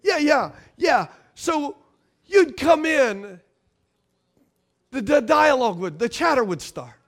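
Middle-aged male pastor, very high voice, sermon with call-and-response, loud and soft by turns. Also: sing-song, takes it slowly. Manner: preaching with call-and-response, swings between loud and quiet.

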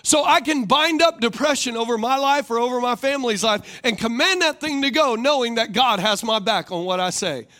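Male pastor, high voice, sermon style, big on call-and-response. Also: a little fast, few pauses, bright, forceful tone. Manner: rhetorical, calls for congregation responses; repeats questions for emphasis.

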